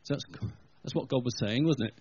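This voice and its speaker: A man's voice: mid-range voice, a little fast, darkish tone. A man preaching a sermon at a church gathering, telling the story in a conversational way and speaking directly to the congregation. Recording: dull lo-fi recording.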